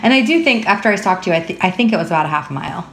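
A woman's voice: on the low side, lively intonation, very fast, creaky, slight background noise. Woman podcast co-host, casual chat, bubbly, laughs a lot, roomy echoey room. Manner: bubbly, laughs often, chatty. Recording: roomy echo.

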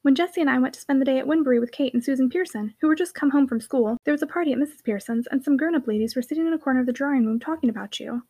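Woman voicing an earnest quiet little girl. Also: high-pitched, rapid-fire, few pauses.

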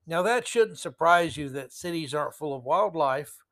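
A man's voice: fairly high pitch, expressive, moderate pace, a bit bright. A man hosting a solo commentary podcast, reading news quotes and adding sarcastic, rambling asides. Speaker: podcast host.

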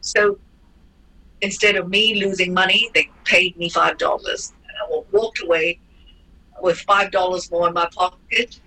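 Bright-voiced woman telling a story. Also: lowish voice, unhurried, rough recording. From Hong Kong. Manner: lively, acts out quoted voices, frequent restarts. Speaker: interview guest, former ballerina. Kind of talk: animated personal storytelling.

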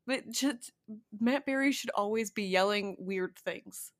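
A woman co-hosting a casual chat, playful and quick to laugh. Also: mid-range voice. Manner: playful, laughs often, acts out quotes. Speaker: podcast co-host.

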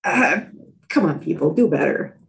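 A woman in her thirties co-hosting a casual podcast, talking in halting, easygoing bursts. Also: fairly low pitch, expressive, creaky. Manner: casual, halting, many fillers and restarts. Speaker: podcast co-host. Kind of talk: casual chat.

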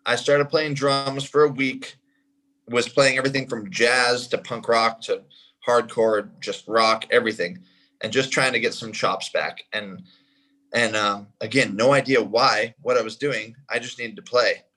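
A man who plays drums, telling a story in casual conversation in an animated way and acting out what people said. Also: medium pitch, a little slow, poor audio. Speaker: guest, drummer.

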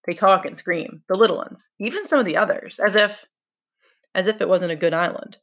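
A woman's voice: mid-range voice, brisk, fairly bright tone, muffled recording, natural voice. Casting note: exasperated boy chief, emphatic, read by a woman. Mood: frustrated. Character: earnest boy leader, frustrated.

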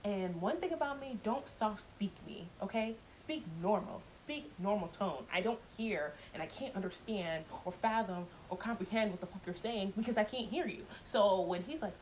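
A woman's voice: medium pitch, normal speed, few pauses, a little mellow, slight background noise, low-quality recording. Blunt, profane woman telling a story. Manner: laughs often while telling. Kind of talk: casual storytime chat.

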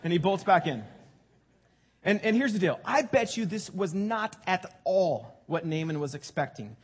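Husky, high-voiced male preacher. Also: lively intonation, moderate pace. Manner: conversational, repeats words when emphatic. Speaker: pastor. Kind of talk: sermon.

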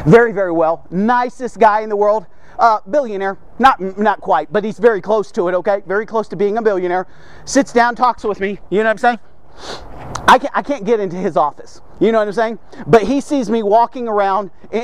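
A man hosting a casual daily devotional, talking energetically, repeating words and dropping chatty asides and jokes, recorded in his man cave at home. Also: sits high. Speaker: devotional podcast host.

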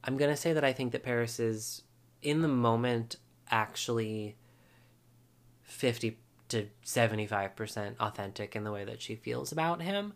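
A man's voice: mid-range voice, normal speed. A man hosting a podcast, recapping a reality show episode in a casual, chatty way with wry asides and frequent ums.

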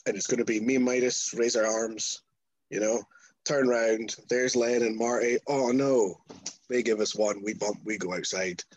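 Brief: Scottish man, husky voice, lively anecdote, salty language. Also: lowish voice, normal speed, no room sound, rough recording. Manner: animated, swears freely, acts out quotes. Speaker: wrestler guest. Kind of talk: casual storytelling.

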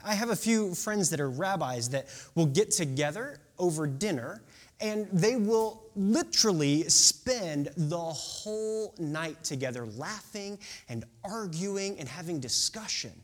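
Animated man in his thirties preaching. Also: sits high, unhurried. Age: 30s. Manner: conversational and animated, with asides and rhetorical questions. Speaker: pastor. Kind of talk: sermon.

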